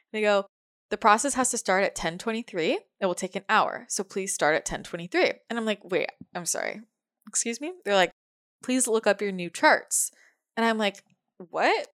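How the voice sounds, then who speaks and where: A young woman telling a personal story casually, animated and full of fillers, often laughing and acting out her own reactions. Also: mid-range voice, no echo, clean studio sound. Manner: breathless, animated, filler-heavy retelling, frequent laughs. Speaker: vlogger.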